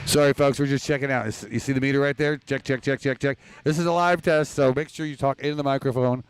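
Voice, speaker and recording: A man's voice: mid-range voice, fairly even intonation, quick pace, clean tone, dry recording. A man hosting a live rock TV show, bossy and joking as he gives mic instructions. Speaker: show host. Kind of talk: live TV banter.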